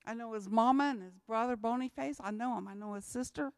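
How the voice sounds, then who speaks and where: A woman's voice: on the high side, brisk, vocal fry, a little mellow, clean tone, no room sound. A woman speaking as a missionary, telling church testimony stories in a repetitive, emphatic way.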